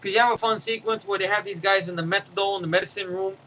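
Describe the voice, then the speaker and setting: A man's voice: sits high, fairly even intonation, fast, sharp tone, a little hiss or hum, rough recording. A man giving a casual spoken movie review, rambling through scene recaps with fillers and restarts.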